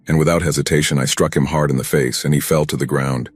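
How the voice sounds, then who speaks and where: A man narrating a first-person horror story in a steady, grim, scripted telling. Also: rumbling low, fast, breathy edge.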